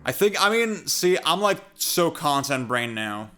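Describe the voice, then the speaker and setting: A man's voice: a little high, big pitch swings, measured pace. A young man with a Californian-sounding American accent, chatting casually while streaming a game, rambling, trailing off and swearing often.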